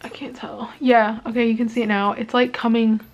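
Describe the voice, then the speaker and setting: A woman's voice: a little high, little pitch movement, a little fast, muffled recording. A young woman filming a casual makeup review at home, chatting and venting her frustration, a bit out of breath. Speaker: beauty vlogger. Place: indoors at home, filming herself.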